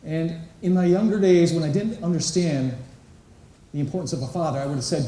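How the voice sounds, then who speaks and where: Mellow-voiced man speaking in an echoey hall. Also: on the high side, fairly quick. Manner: engaging, asks the crowd questions and acts out quotes. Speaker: conference speaker. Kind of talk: inspirational talk to a live audience. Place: large conference hall. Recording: echoey hall, voice picked up from a distance.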